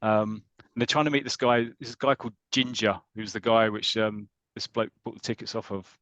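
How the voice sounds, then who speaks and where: A British man on a podcast, casually retelling a football comic story with lots of ums and restarts, dropping into quick voices for the characters. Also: fairly low pitch, little pitch movement, fairly bright tone, no echo, dull audio. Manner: chatty, hesitant with many ums and restarts, slips into voices for the characters. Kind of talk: casual chat.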